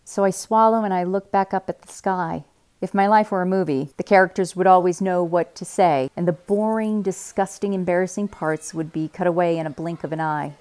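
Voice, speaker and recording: A woman reading a young adult novel aloud in a quiet, measured first-person narration. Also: lowish voice, steady tone, clean tone. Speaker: reader.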